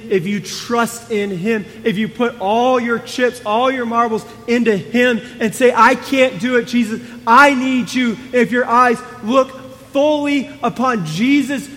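A male pastor preaching a sermon in a conversational way, moving between hushed and emphatic. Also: very high voice, long reverb tail.

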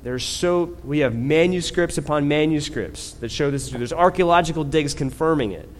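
A slightly high-voiced male preacher delivers a chatty sermon, often adding "right?" after his points. He speaks louder and slower for emphasis, with a long hall echo and slight background noise in the recording.

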